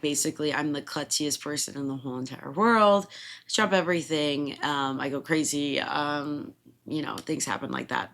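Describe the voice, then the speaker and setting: Lively young woman telling a story. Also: deep voice. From Illinois. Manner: animated, laughing, swears freely. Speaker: podcast host. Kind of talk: casual storytelling.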